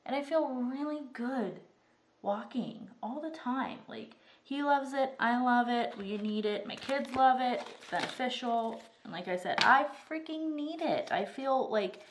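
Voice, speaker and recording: A woman in her thirties from Arizona, US, works on a craft at her table while chatting and rambling for her vlog, saying "like" a lot. She's getting over strep throat and breathes a bit heavily. Her voice sits high and unhurried, with slight background noise.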